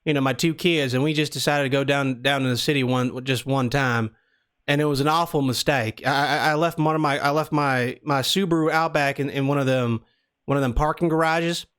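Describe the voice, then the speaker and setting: A man's voice: medium pitch, steady tone, brisk, fairly bright tone, clear, resonant tone, close to an everyday voice. A man putting on a Southern American accent to play a folksy prank caller who rambles and calls people sir and son. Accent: American Southern (put on). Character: folksy Southern man calling about car repair.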